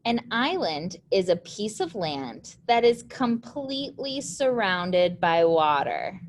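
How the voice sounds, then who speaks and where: A woman's voice: mid-range voice, very animated, slow pace, slight background noise. A young woman, teaching a recorded lesson patiently, step by step.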